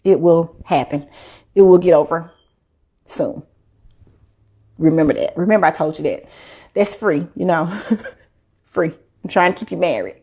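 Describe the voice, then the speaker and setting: A woman's voice: deep voice, measured pace, long pauses, breathy edge. A woman, a doctor chatting casually on a live stream and acting out quotes as she tells stories. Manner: animated storyteller, acts out quotes. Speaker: doctor giving health advice.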